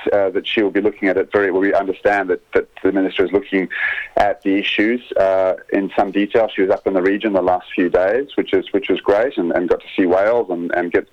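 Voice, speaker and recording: A man's voice: deep voice, steady tone, fairly quick. A man, a conservation campaigner speaking earnestly as a phone guest in a radio interview, often restarting his sentences. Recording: dull phone line.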